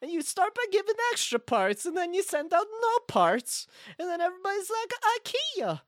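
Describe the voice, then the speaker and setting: A man voicing a bumbling, scheming Swedish man in a put-on Swedish accent and broken, halting English. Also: extremely high pitch, wildly swooping pitch, full character voice. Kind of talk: comedic improvised call-in character.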